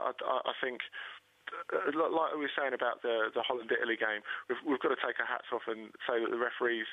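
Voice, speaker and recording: A man calls into a radio football show, earnest and stumbling, repeating his words over and over. His flat voice comes through a tinny phone line. The sound is dry. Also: medium pitch, no echo. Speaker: caller. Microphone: telephone.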